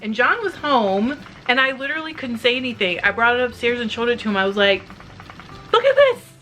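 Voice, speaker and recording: A middle-aged woman who makes fiber arts videos, chatting candidly and emotionally with viewers while she spins, rambling with quick asides and a slightly teary edge. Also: fairly high pitch, sharp tone, a little hiss or hum. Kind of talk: casual chat to viewers while spinning.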